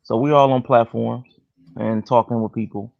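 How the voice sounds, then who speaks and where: A man's voice: medium pitch, fairly even intonation, normal speed, creaky. A man on a casual panel who asks questions and reframes the topic as a hypothetical. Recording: dull lo-fi audio.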